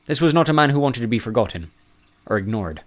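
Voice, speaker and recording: A man reads a novel aloud in a measured, even way. His narration is steady and unhurried between the character voices. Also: mid-range voice. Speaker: audiobook narrator. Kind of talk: scripted narration.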